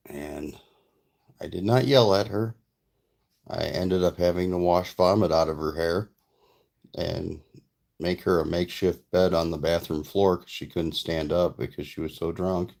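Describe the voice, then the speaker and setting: A man speaks in a casual vlog, loosely telling a family story with plainspoken, profane asides. His voice sits very low, and it has a rough, crackling fry. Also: fairly even intonation, a little slow, a little mellow. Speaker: vlogger and father.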